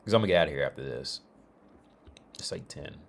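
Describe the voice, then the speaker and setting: A man's voice: very deep voice, expressive, fast, creaky. A man talking on a casual livestream, rambling with many restarts and fillers. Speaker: streamer.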